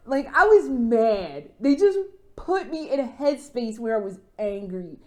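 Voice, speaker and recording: A woman vlogger in a rambling, profane, animated rant, full of fillers and restarts. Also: sits high, measured pace. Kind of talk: casual rant.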